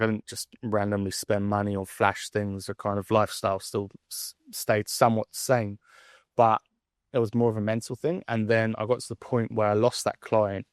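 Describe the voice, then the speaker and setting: A man's voice: on the low side, dry recording, studio quality. A man in his twenties talking candidly to camera in a reflective personal monologue, rambling with fillers and restarts. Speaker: vlogger.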